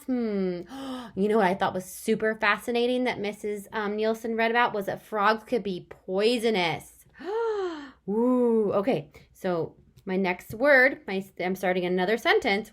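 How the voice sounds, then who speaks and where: A young woman teaches young children in a recorded remote lesson. She speaks slowly in a fairly high voice, stretching words out sound by sound. Her gasps and delight are big and animated.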